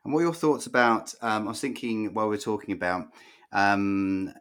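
A man's voice: fairly low pitch, steady tone, brisk, a bit bright. A man hosting a podcast, asking long, hedging questions full of restarts. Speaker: podcast host. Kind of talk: conversational podcast interview.

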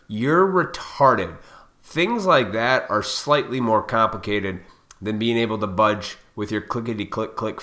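A man with a bright, forceful voice rants straight at his audience. He is blunt and profane, and he lectures them with heated intensity. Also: medium pitch. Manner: heated, fired up. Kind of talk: ranting monologue to viewers.

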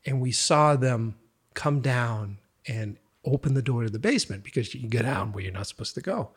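A man's voice: medium pitch, lively intonation, normal speed, husky. A man, a horror film director, telling a childhood story in a casual chat and laughing through the funny parts.

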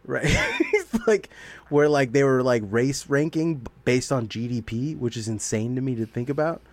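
A man's voice: medium pitch, normal speed, no room sound. A man co-hosting a podcast, talking in a rambling, profane way and laughing often. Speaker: podcast co-host. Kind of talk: casual chat.

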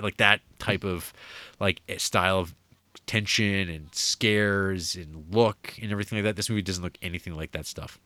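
A man's voice: deep voice, moderate pace, sharp tone, no room sound. A man casually chatting about movies he watched, rambling with lots of fillers and restarts. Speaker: podcast co-host reviewing movies. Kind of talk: casual chat.

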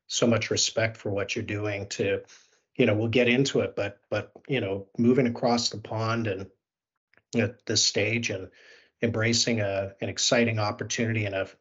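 A Canadian man in his fifties hosts a podcast interview, his voice slightly husky. He talks eagerly and stumbles into frequent restarts. The call audio sounds a little dull and muffled. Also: lowish voice, fairly even intonation, fairly bright tone. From South Africa. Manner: eager, halting, full of restarts. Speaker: podcast host.

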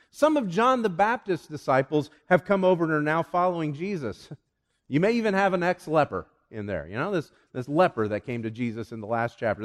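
A man preaching a sermon as pastor to his congregation, conversational and animated, asking them questions. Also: high voice, big-room sound. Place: church sanctuary.

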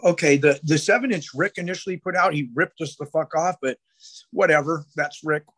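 Husky man telling rough stories. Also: fairly high pitch, fairly quick, a bit bright. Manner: rambling storytelling, heavy swearing, many restarts. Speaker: guest. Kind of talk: casual podcast chat.

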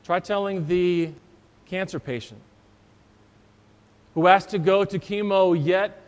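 A man's voice: high voice, slow, clear, resonant tone, long reverb tail. A man, a pastor, preaching a sermon and telling a story in a conversational way. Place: church.

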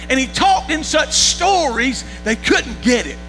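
A man's voice: very high voice, sing-song, unhurried, few pauses, sharp tone. A man preaching a sermon as pastor, folksy, repeating words and checking that the congregation follows along. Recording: long reverb with faint music and mains hum.

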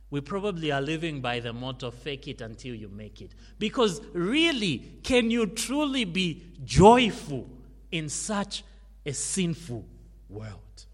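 Emphatic preacher man in a big echoing hall. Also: high voice. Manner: emphatic, swinging from loud stresses to hushed endings. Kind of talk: sermon. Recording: long hall reverb.

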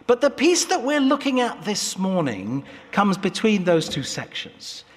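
Man preaching in a reverberant church. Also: high voice. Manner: earnest, emphatic preaching with falling phrase ends. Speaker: pastor. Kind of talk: sermon. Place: church sanctuary.

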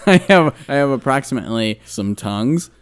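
Joking podcast host, raspy from screaming. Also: male voice, medium pitch, animated, moderate pace, slight background noise. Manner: joking, crude banter. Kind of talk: casual comedic chat.

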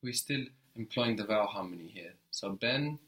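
A man teaching a one-on-one language lesson, explaining patiently and often checking with a quick question. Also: lowish voice, expressive, fairly bright tone.

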